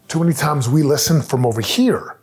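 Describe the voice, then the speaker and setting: Middle-aged man, slightly high voice, emphatic motivational speaker, faint music bed. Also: brisk, a little mellow. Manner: earnest, emphatic, with acted-out quotes. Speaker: speaker giving family advice. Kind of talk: motivational talk.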